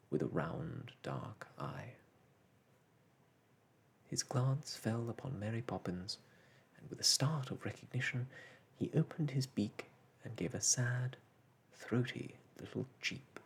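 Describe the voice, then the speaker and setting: Slow, gravelly man reading a bedtime story. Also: on the low side, animated. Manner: gentle and unhurried. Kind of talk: soft bedtime story narration.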